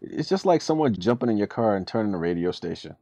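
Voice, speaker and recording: Lively, mellow-voiced man chatting. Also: on the low side, fast talker, gravelly, no echo. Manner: joking, chatty, poses musing questions. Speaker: podcast co-host. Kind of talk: casual chat about a cartoon.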